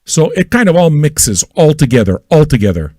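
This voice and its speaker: A manic, foul-mouthed male radio host talks straight at his listeners and keeps firing questions at them. His voice is fairly high and leaps all over the place as he swings between yelling and muttering. The sound is dry and close, with no room around it. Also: very animated, moderate pace, breathy edge, no room sound. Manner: loud, manic and crude, with yelling and repetition. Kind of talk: profane ranting monologue.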